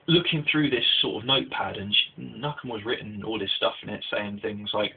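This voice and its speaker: A man's voice: on the low side, quick pace, gravelly, hardly any pauses, breathy edge. A young man giving a casual spoken anime review, rambling with restarts and fillers, recorded on tinny phone-like audio.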